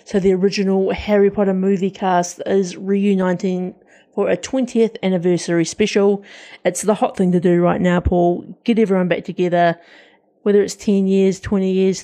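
Chatty woman with a mellow voice. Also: mid-range voice, little pitch movement, moderate pace. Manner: enthusiastic, chatty, many restarts. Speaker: podcast co-host. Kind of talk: casual pop-culture chat.

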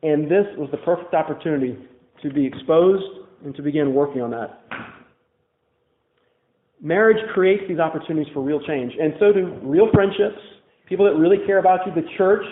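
A man's voice: sits high, brisk, roomy sound, narrow, tinny audio, a little hiss or hum. A man preaching a sermon as a pastor, telling candid personal stories in a conversational way full of "like" fillers. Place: church.

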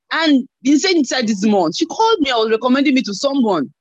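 A woman giving a church testimony over an online call, telling her story in an animated way and acting out the voices she quotes. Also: high-pitched, fast, few pauses, no echo. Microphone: online call mic. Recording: dull lo-fi online call audio.

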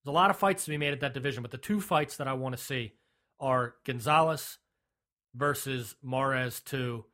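A man's voice: medium pitch, moderate pace, sharp tone. A man co-hosting a sports podcast in casual chat, blunt and opinionated, often restarting his sentences. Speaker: podcast co-host.

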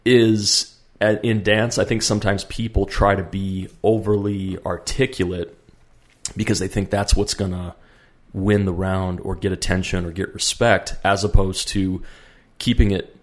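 A man with a very low voice rambles through a casual podcast chat. He circles back on himself, stacks up fillers and restarts, and talks through his points at an easy pace. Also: little pitch movement, a little slow. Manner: rambling, many fillers and restarts, acts out quotes. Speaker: podcast co-host.

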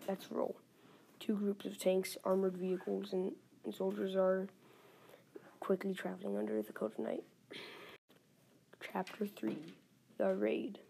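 A woman reading a war adventure story aloud, halting and correcting herself as she goes. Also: medium pitch, little pitch movement, vocal fry, mellow, slight background noise. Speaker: story reader.

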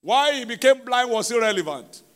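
A man with a Nigerian accent, serving as pastor, preaches a sermon at a church service at normal speed. His very high-pitched, animated delivery is emphatic, with questions to the congregation and a mix of shouted and quiet parts.

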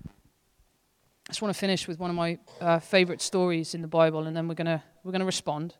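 A woman associate pastor preaches in a casual, heartfelt way, her voice smooth and resonant. Her intensity rises and falls as she speaks, and a long reverb from the church hall trails after her words. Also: lowish voice, flat delivery, brisk. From Wales. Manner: earnest, conversational preaching with shifting intensity. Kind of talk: sermon.

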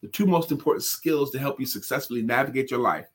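A man hosting a casual livestream chat, animated and emphatic, repeating his key phrases. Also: mid-range voice, fast talker, husky. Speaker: show host and sales coach.

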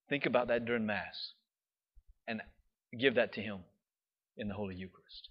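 Preaching with a lowish, slightly rough voice, this man animates the story, keeps asking "right?", and softens and slows down for reflective moments. It's a dull, lo-fi recording.

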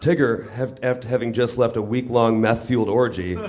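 A man reading a comic story aloud in a deadpan, mock-literary manner on a small comedy theater stage. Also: mid-range voice, fairly quick. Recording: live stage mic with audience laughter noise.

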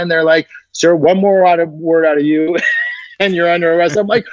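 A man, a guest actor, telling an animated anecdote and acting out the voices of the people in it, laughing often. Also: a little high, fast, no echo, lo-fi sound.

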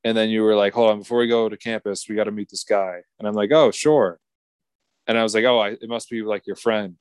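A man's voice: lowish voice, flat delivery, quick pace, smooth, no room sound. A man in his twenties telling a rambling story in a casual podcast chat, swearing and laughing often. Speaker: podcast co-host.

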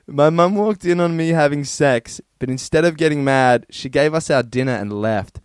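A man's voice: a little high, clear, resonant tone, dry recording, clean studio sound. A man hosting a podcast, casually reading listener stories in a crude, rambling way and laughing often. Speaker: podcast host.

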